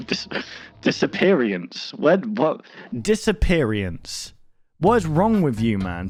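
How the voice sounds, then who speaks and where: A young man hosting a casual reaction video, rambling and poking fun at himself as he reads on-screen text aloud. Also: a little high.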